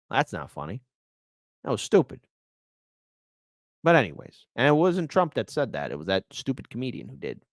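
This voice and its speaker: A medium-pitched man, recorded in a clean, echo-free studio, hosts casual political commentary. He reads articles aloud with sarcasm and mockery, swinging between loud outbursts and muttering.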